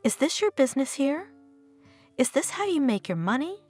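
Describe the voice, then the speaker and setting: A woman's voice: sits high, very animated, moderate pace, a little mellow, soft background music, pitched above the performer's own voice. A woman reading the lines of an irritable, short-tempered foreign woman tourist in a storybook narration. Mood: irritated.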